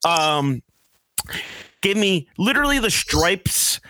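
A man co-hosting a podcast, telling a story in a casual, animated, self-mocking way. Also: high voice, takes it slowly, slight background noise. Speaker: podcast co-host.

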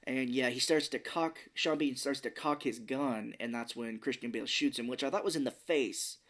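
A man in casual conversation, co-hosting a movie podcast. He rambles through the plot with frequent laughter. Now and then he slips into a gruff, whispered impression of the characters. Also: mid-range voice, moderate pace, a bit bright. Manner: chatty, laughs often, acts out quotes in a gruff whisper. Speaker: podcast co-host. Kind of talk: casual movie recap chat.

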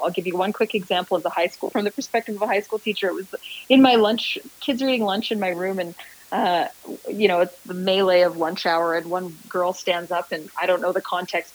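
A woman speaks as a guest in a casual interview, telling stories earnestly and with real animation. She often restarts her sentences and fills gaps with little words. Her voice sits in a middle pitch and sounds like a radio broadcast. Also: low-quality recording. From Canada. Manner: earnest, animated storytelling with many fillers. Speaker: guest, agency founder.

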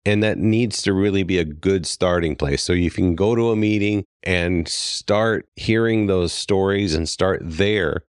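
A man's voice: low voice, measured pace, few pauses, clean tone, no echo, clean studio sound. A man co-hosting a podcast in casual talk, speaking earnestly and getting worked up before apologizing for it. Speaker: podcast co-host.

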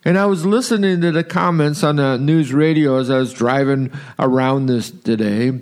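A man from Southern California giving an earnest devotional sermon, slowing down to read scripture aloud. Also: fairly high pitch, darkish tone. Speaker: preacher.

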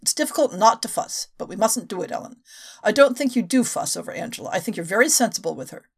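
A woman's voice: mid-range voice, animated, quick pace, husky. A brusque country doctor, as a woman reads him. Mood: impatient. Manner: blunt, impatient, reassuring. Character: brusque middle-aged male country doctor.

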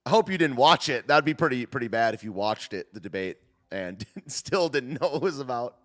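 Joking, animated young man streaming. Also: medium pitch, fairly quick. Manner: joking, laughing often, slangy. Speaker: livestream host. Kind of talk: casual livestream commentary.

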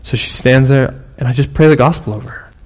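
A man's voice: mid-range voice, fairly quick. A man preaching a sermon in a conversational, storytelling way, with sudden bursts of emphasis. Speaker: pastor.

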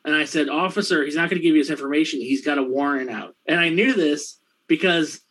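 A man with a fairly high voice tells a story in casual chat. He swears freely, laughs between lines and voices everyone in it himself. His delivery runs quick and rambling, full of fillers. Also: fairly bright tone, low-quality recording. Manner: profane, laughing anecdotes with quoted dialogue. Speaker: storyteller in a conversation.

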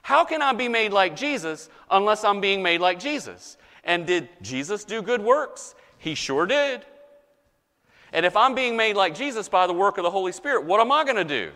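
A man preaching a sermon as a pastor, animated, mock-voicing objectors and swinging between loud and soft. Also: high voice, normal speed, in a large hall.

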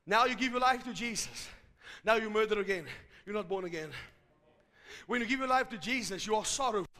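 A man preaching a fervent sermon to a live congregation, rising to shouts at its peaks. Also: sits high, a little fast. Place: large church hall. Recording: hall reverb from a live service.

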